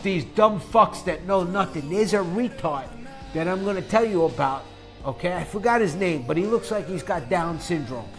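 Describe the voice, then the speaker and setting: A man with a slightly high voice delivers an angry, profane investing rant on his own channel, swinging between calm explanation and shouting. His voice is worn and hoarse from talking, and faint music plays underneath. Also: moderate pace. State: losing his voice. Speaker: investing YouTuber. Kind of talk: angry ranting monologue.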